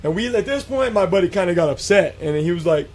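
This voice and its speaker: A man telling a spooky encounter story in a casual, animated way, acting out quotes with many fillers and restarts. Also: sits high, fast talker. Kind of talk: casual storytelling on a radio show.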